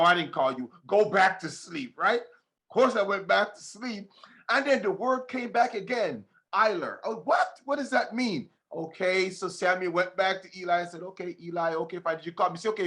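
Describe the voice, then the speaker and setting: A man hosting a podcast, talking like a preacher, fervent and swinging between shouts and hushed lines. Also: sits high. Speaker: podcast host. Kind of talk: preaching-style podcast talk.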